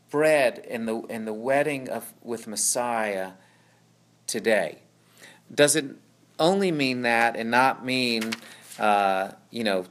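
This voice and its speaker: A man with an ordinary mid-range voice teaches on scripture. He explains patiently and often pauses to check in with his listeners. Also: mid-range voice. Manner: explanatory, checks in with "right?" and "okay?". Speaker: Bible teacher.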